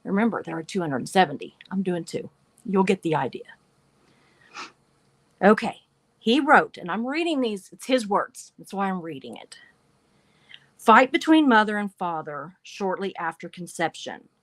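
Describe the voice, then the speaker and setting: A woman's voice: mid-range voice, sing-song, moderate pace, pauses often, no room sound. A woman hosting a livestream, reading passages aloud and adding wry asides between them. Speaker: livestream show host.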